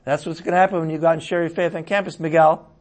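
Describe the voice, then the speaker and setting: A man preaching a conversational sermon, swinging between loud exclamations and quiet asides. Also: fairly high pitch, fairly even intonation, racing. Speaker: pastor.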